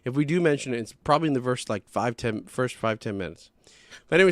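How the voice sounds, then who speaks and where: Young male podcast host, animated and profane storyteller, dry studio sound. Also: medium pitch, dry recording. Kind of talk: casual storytelling.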